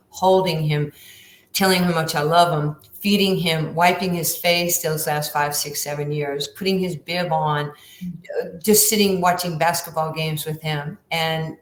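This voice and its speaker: A woman in her sixties telling stories as a guest on a podcast, animated and acting out the lines of other people. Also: low voice. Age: 60s. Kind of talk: storytelling in a podcast interview. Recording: roomy echo.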